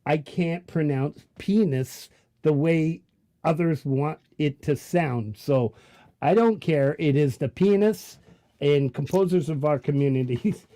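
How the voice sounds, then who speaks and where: A man with a Canadian Italian accent, hosting a live stream in a joking, casual way and filling his pauses with many ums. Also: on the high side, dark tone. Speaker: livestream show host.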